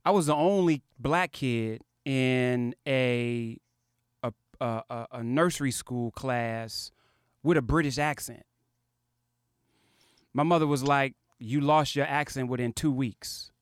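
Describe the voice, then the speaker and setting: A man from Chicago's South Side leads a casual interview. He asks probing questions in a thoughtful, halting way. The sound is dry, with no room echo. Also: mid-range voice, smooth.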